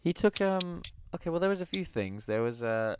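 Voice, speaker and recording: A man's voice: fairly high pitch, expressive, moderate pace, background noise. A young man co-hosting a podcast in casual chat, exasperated and teasing, swearing freely. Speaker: podcast co-host. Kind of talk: casual chat reviewing wrestling.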